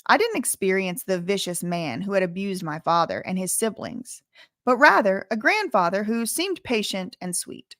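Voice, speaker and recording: A woman's voice: mid-range voice, lively intonation, normal speed, fairly bright tone, dry recording. Woman commentator, reads passages aloud then drifts into chatty asides; dry, close recording. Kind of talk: reading a memoir aloud with casual commentary.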